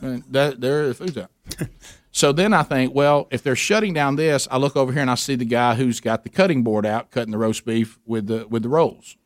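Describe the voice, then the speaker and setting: A man's voice: mid-range voice, brisk, no echo, clean studio sound. A middle-aged man co-hosting a radio show, telling a long story in casual chat and acting out the voices of the people in it. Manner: animated, acts out voices in his story.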